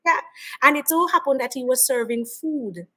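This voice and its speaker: A Jamaican woman recounting her experiences as a guest entrepreneur, her voice sitting a little high. She tells her stories expressively and breaks into loud exclamations. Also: animated, moderate pace. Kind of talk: animated storytelling in conversation.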